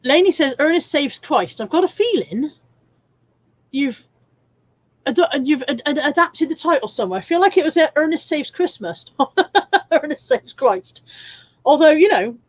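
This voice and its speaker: Cheeky woman, fairly high voice. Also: lively intonation, normal speed, no room sound. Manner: chatty, cheeky and swearing, laughs often. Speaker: live stream host reading viewer comments. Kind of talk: casual chat.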